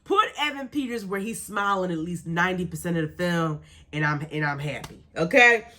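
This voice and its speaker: Young woman host, very lively pitch, emphatic casual chat full of laughs. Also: brisk. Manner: animated, laughing, emphatic repetition. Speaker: radio show host. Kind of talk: casual chat reading live comments.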